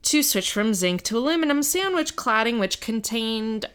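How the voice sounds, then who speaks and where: A woman hosting a podcast, retelling events in a casual, conversational way and acting out quotes with lively asides. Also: fairly high pitch, normal speed, clear, resonant tone. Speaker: podcast host.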